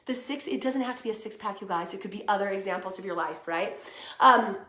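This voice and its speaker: A woman's voice: mid-range voice, a little fast, sharp tone, roomy sound. A young woman hosting a casual motivational live stream, chatty and upbeat, greeting viewers by name. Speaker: live video host and coach.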